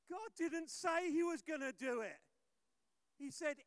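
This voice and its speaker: High-voiced, animated male preacher. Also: moderate pace, dry recording. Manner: animated storytelling, swinging from loud exhortation to hushed. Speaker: pastor. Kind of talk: sermon.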